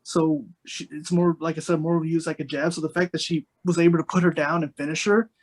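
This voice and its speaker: A man with a notably high voice talks in a loose, unscripted podcast chat. He circles his points with plenty of fillers and restarts, his words tumbling out as he thinks aloud. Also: fairly even intonation, a little fast. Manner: rambling, many fillers and restarts. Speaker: podcast co-host. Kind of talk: casual podcast discussion.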